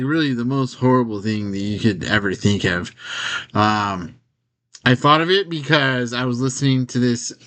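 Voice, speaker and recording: A man's voice: mid-range voice, fairly bright tone. A man telling a rambling personal story straight to his own camera in a casual vlog, with many fillers and the odd nervous laugh.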